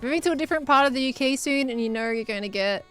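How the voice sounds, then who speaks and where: A woman's voice: high-pitched, very fast, fairly bright tone, faint music behind. An Australian woman from Victoria chatting casually on a gaming live stream, laughing often and answering chat as she plays.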